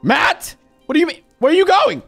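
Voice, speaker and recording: Young male gaming YouTuber, animated pitch, jumps from muttering to shouting, playful and jittery. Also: brisk, gravelly, faint music behind. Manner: excitable, shouts and laughs, big swings between mumbling and yelling. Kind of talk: excited gameplay commentary.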